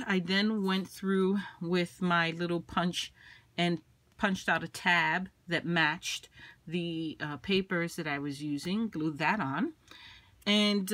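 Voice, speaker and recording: A woman showing a handmade craft project in a casual, chatty way. She is losing her voice, clears her throat often and fills pauses with ums. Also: mid-range voice, fairly bright tone, dry recording. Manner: chatty, lots of ums and uhs. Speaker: craft vlogger.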